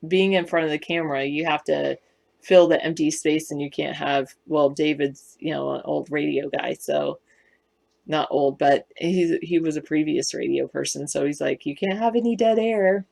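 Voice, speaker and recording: A woman's voice: sits low, flat delivery, moderate pace, gravelly, darkish tone. A woman from West Virginia with a Southern Californian accent, chatting casually on a live stream and answering viewer comments in a rambling, self-correcting way.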